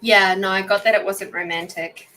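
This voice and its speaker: A woman's voice: medium pitch, fairly even intonation, normal speed, poor audio. A woman hosting a live intuitive reading session, chatty and giggly as she talks to viewers. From Australia. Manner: chatty, giggly, warm storyteller. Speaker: intuitive reader and podcast host.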